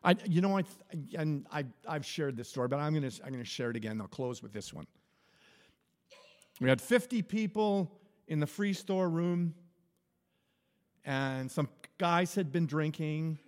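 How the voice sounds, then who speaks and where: In a long, reverberant hall, a pastor gives a casual sermon at normal speed, his slightly high voice full of lively intonation. He tells stories as if chatting, frequently chuckling and starting his phrases over.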